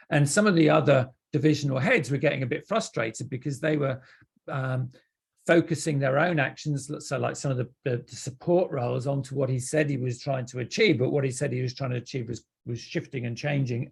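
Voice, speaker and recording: Hesitant man with a gravelly voice. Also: medium pitch, a little fast. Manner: hesitant, with many fillers and restarts. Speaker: conference speaker. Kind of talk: conference talk. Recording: online conference talk.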